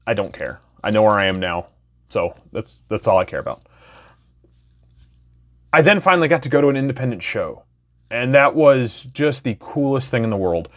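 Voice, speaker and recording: A man in his thirties from Wisconsin telling his personal story in a candid, enthusiastic, casual way. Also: on the low side. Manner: candid, enthusiastic, loose with fillers. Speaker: podcast host.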